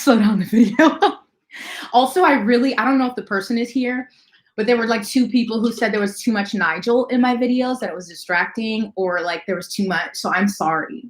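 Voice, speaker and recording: A woman hosting a casual livestream, talking fast and chatting with viewers as she greets them. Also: medium pitch, a bit bright. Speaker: livestream host.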